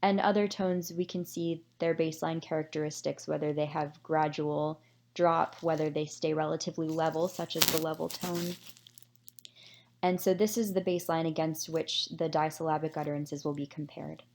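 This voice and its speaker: Lower-voiced woman presenting research. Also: little pitch movement, a little mellow. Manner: measured, explanatory, with occasional fillers. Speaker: presenter summarizing a research paper. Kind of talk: scripted academic presentation.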